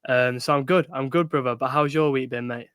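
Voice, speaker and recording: A man's voice: mid-range voice, steady tone, fairly quick, a bit bright, clear, resonant tone, dry recording, studio quality. A young man co-hosting a podcast, chatting upbeat and friendly, calling his co-host mate and brother. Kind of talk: casual chat.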